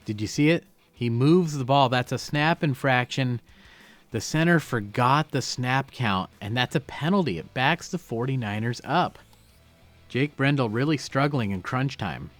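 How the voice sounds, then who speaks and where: A man's voice: medium pitch, expressive, a little slow, soft background music. A man breaking down football game film, explaining each play and stressing key words.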